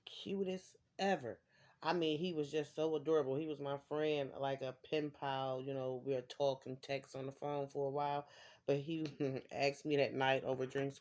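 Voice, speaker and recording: A woman's voice: low voice, fairly even intonation, moderate pace, darkish tone. A woman giving a casual tarot reading to her viewers, rambling and repeating phrases for emphasis. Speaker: tarot reader.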